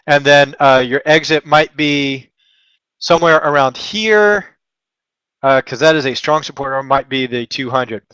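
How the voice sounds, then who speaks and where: A man's voice: mid-range voice, normal speed, pushed and bright, clean tone, no room sound. Chatty Texan man teaching trading. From Texas. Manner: chatty, joking and self-deprecating, rambling asides. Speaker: trading webinar host. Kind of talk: live trading lesson, thinking aloud.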